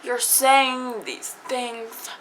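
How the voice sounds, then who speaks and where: Woman vlogger for a storytime video: slow delivery, bright tone, chatty, acts out the other people's lines. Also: on the high side, fairly even intonation, a little hiss or hum, low-quality recording. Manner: chatty, lots of fillers, acts out quoted dialogue. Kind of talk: casual storytime vlog.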